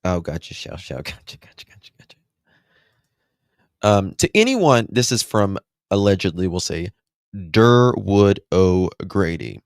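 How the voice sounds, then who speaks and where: A deep-voiced man with a gravelly edge hosts a true crime livestream and talks emphatically to his chat. He speaks unhurriedly, and the sound is dry and close. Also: very animated, measured pace, dry recording. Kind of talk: casual livestream commentary.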